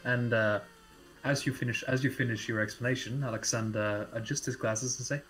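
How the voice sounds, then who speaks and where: Male tabletop game master, mid-pitched, casual narration with plenty of fillers. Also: fairly even intonation, fairly quick, a bit bright, slight background noise, rough recording.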